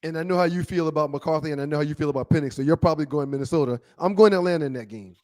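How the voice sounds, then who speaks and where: A man with a notably high voice co-hosts a casual sports talk show. He teases his partners and boasts playfully, and his talk runs loose and conversational. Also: rapid-fire, darkish tone. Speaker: co-host.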